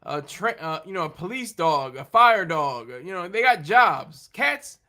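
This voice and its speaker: A man with a high, bright voice hosts a casual livestream and talks straight to his viewers. He rambles, restarts his sentences and trips over his words as he goes. He sounds loose and unscripted. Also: big pitch swings. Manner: rambling, halting, with many restarts and laughs. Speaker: livestream host talking with viewers. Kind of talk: casual chat.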